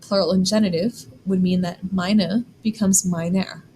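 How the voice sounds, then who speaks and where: Woman, German teacher, clear and deliberate, mid-pitched voice, faint background noise. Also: fairly even intonation, warm tone, poor audio. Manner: clear, deliberate, spells out examples slowly. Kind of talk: scripted classroom explanation.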